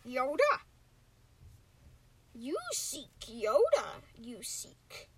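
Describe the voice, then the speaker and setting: Yoda, a woman doing a hushed backwards-talking old alien sage. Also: high voice, wildly swooping pitch, breathy edge, exaggerated voice. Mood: hushed, mysterious. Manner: backwards word order, halting, hushed. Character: small ancient wise alien master, male.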